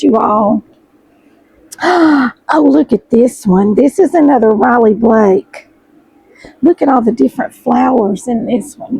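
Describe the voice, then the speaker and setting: A middle-aged woman chats warmly to her viewers, gushing as she unboxes fabric. Her voice is high and husky, hoarse and froggy as if she is about to lose it. The sound is close and dry. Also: no room sound, low-quality recording. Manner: chatty, gushing, addresses viewers as y'all. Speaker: sewing vlogger host. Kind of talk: casual chat while unboxing fabric.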